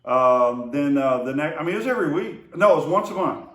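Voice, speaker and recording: A man's voice: a little high, lively intonation, fairly quick, a bit bright. A man recalling old times in a casual, rambling way, full of fillers and restarts. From Oklahoma to Texas area. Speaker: storyteller remembering his brother. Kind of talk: casual spoken memories. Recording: roomy echo, voice far from the mic.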